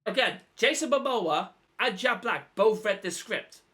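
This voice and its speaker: A man's voice: sits high, lively intonation, measured pace, pushed and bright. A young man co-hosting a casual podcast, blunt and a bit sweary as he makes his points. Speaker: podcast co-host. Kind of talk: casual chat.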